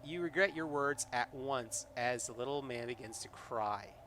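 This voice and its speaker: A man runs a solo tabletop game live, reading the adventure text aloud and talking to his chat in between. He rambles, restarts his sentences and leans on lots of fillers, at an ordinary pitch for a man. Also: normal speed, fairly bright tone, slight background noise.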